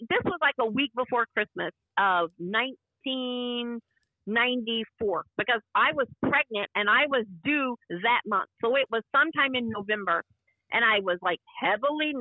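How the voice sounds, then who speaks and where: A woman's voice: a little high, animated, moderate pace, dry recording. A woman in her fifties, an interview guest giving an emphatic personal account and acting out the dialogue she quotes. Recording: tinny phone-line sound.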